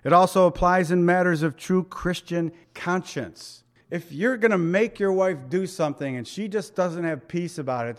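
A middle-aged man preaching a sermon, folksy and conversational, with joking asides and chuckles. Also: fairly high pitch. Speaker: pastor.

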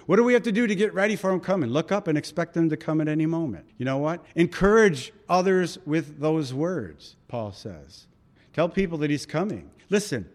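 A male pastor preaching a sermon in a conversational, storytelling way, acting out voices in his anecdotes. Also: on the high side.

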